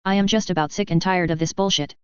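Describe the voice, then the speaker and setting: A woman voicing a stern, furious female prime minister, low and smooth in a slightly dull recording. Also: steady tone, fast, no echo, natural voice. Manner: commanding, furious.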